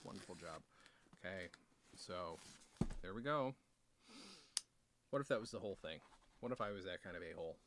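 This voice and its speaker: A man's voice: deep voice, lively intonation, normal speed, long pauses, background noise. Rambling joking man unboxing a gadget. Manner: rambling, self-deprecating, joking asides. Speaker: author and video host. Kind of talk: casual unboxing vlog.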